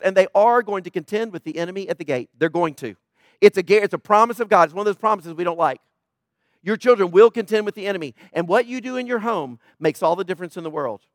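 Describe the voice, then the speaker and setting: High-voiced urgent male preacher. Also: no room sound, clean studio sound. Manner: urgent, emphatic preaching with repetition. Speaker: pastor. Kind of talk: sermon. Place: church.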